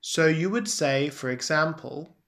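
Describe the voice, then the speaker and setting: A woman teaching a spoken Chinese lesson, enunciating slowly and deliberately with exaggerated tones. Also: deep voice. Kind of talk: slow scripted language lesson.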